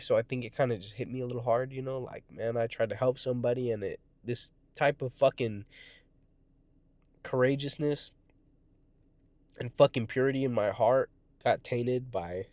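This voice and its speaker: A man's voice: mid-range voice, darkish tone, dry recording. Profane young man telling a story. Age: 20s. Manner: profane, rambling, frequent swearing; restarts and self-corrections. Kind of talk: casual storytime monologue.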